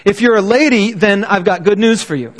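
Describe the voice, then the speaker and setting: A man's voice: sits high, fairly quick. A middle-aged man preaching a sermon as pastor, speaking in an earnest, encouraging and conversational way.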